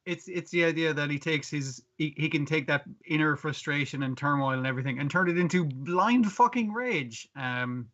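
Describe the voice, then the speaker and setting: A man with a fairly high, bright, forceful voice recaps an anime episode for a podcast, swearing freely. He keeps slipping into quick bursts of character voices. The audio is dull and lo-fi. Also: steady tone. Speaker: podcast co-host.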